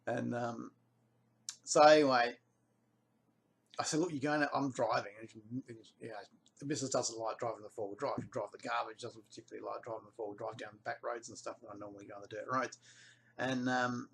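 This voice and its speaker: A man's voice: mid-range voice, brisk, gravelly, a little hiss or hum. An Australian man casually telling a rambling story, his voice jumping up when he quotes people. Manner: rambling, animated when quoting others. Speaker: vlogger.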